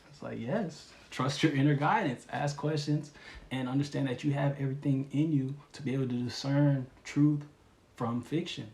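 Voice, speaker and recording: A man giving a casual spiritual reading, talking in a relaxed, rambling way with slang and lots of fillers. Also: mid-range voice, moderate pace, vocal fry, echoey room. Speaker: tarot reader.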